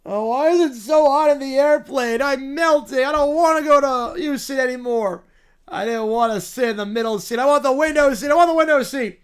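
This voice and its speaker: Man doing a pint-sized pampered furry monarch, high-pitched and loud, whining nonstop. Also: fairly quick. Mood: whiny. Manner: whining, petulant, demanding. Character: spoiled tiny furry royal creature, whiny. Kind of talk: read-aloud donation story.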